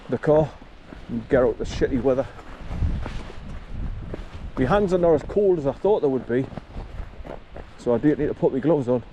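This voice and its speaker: Walking in windy drizzle, a male vlogger chats casually, pausing to talk to his dog, on a chest-mounted camera. His voice is medium-pitched and the sound lo-fi, with strong wind on the mic and wind and rushing water in the background.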